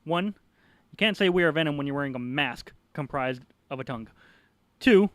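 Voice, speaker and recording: A man's voice: a little high, animated, moderate pace, no room sound. A young man co-hosting a casual podcast chat, wry and teasing. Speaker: podcast co-host.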